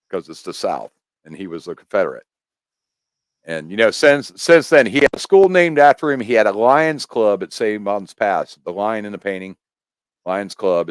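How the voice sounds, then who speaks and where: A man from the United States, a podcast guest talking in a casual chat, explaining in a rambling, animated way with many restarts. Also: on the low side, clear, resonant tone, no room sound.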